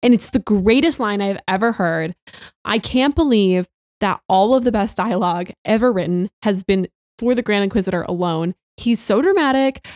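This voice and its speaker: An excitable woman chats casually on a fan podcast, her voice leaping up in pitch when she gets carried away. The sound is dry and close, with no room around her. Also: dry recording. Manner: excitable, gushing, quick swings in pitch. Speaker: podcast co-host.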